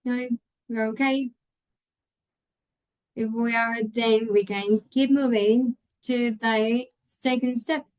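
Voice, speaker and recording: A woman runs an online English teaching webinar. Her voice sits slightly high as she explains pronunciation patiently through a computer mic. She often stops to check on her audience. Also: steady tone, takes it slowly, long pauses, darkish tone, poor audio. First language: Spanish.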